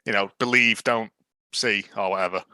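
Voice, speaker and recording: A man's voice: fairly low pitch, fairly even intonation, normal speed, bright, forceful tone, smooth, dry recording. A man, co-hosting a casual film review podcast and retelling the plot with jokey asides. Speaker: podcast co-host.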